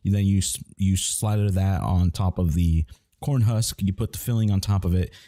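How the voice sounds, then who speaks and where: Low-voiced man rambling in profane chat. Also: fairly even intonation, moderate pace, dark tone, no echo, clean studio sound. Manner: rambling, profane storytelling with restarts. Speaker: gamer chatting on stream. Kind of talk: casual chat while gaming.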